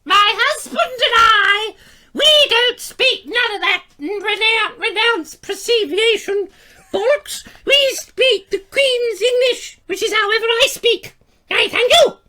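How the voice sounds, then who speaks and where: Man doing a shrill, haughty old queen. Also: pushed and bright, heavily acted. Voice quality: shrill, very high falsetto. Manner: slow, grand, haughty. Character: shrill pompous impression of the elderly Queen.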